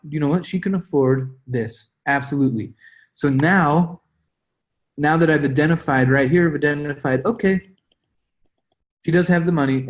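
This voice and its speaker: A young man leading a sales team call, coaching with energy and acting out his own calls and texts. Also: a little high. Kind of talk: motivational sales coaching talk.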